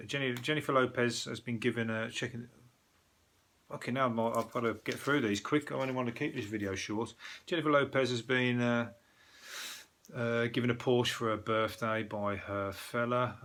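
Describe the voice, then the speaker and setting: A man's voice: lowish voice, fairly bright tone, slight background noise. A man with a Birmingham accent, host of a newspaper review, chatting casually in a sweary, sarcastic, rambling way. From Birmingham, England. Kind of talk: casual chat.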